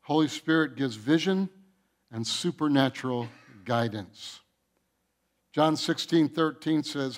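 A man preaching a sermon to his church, his voice sitting slightly high for a man. He builds in fervent, repetitive runs that swell loud and then drop back to a quieter teaching tone. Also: takes it slowly. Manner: impassioned preaching, rising loud in emphatic runs, repeating phrases. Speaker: pastor.

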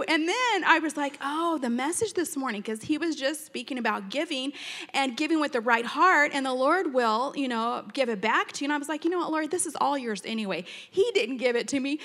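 A middle-aged woman with a bright, high voice tells her testimony before a congregation. She is chatty and animated, slipping into the voices of everyone in the story and laughing as she goes. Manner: chatty and animated, acting out both sides of conversations, laughing often. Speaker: church member giving testimony.

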